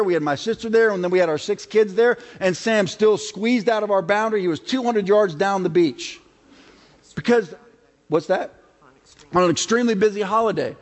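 A middle-aged man preaching a sermon as a pastor, talking conversationally and acting out quotes from his family life. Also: sits high. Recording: long reverb of a large hall.

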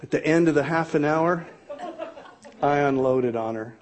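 A man's voice: a little high, normal speed. A middle-aged man telling a humorous personal story to an audience in a self-mocking, exaggerated comic way.

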